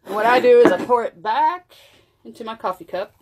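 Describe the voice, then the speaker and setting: A woman's voice: a little high, expressive, moderate pace, very noisy. A woman chatting casually on her vlog while she makes a coffee drink, moving around as she talks so her voice comes and goes. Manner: chatty, loose and conversational. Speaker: wellness vlogger. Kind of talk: casual cooking demo chat.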